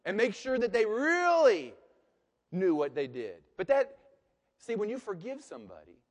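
A man preaching a sermon as pastor, swinging between hushed and loud delivery. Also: high voice, wildly swooping pitch, normal speed. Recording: long reverb of a large hall.

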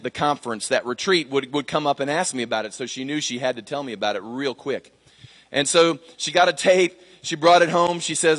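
Middle-aged male pastor, slightly high voice, chatty testimony with restarts, long hall reverb. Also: fairly bright tone. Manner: conversational storytelling with many fillers and restarts. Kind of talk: sermon testimony.

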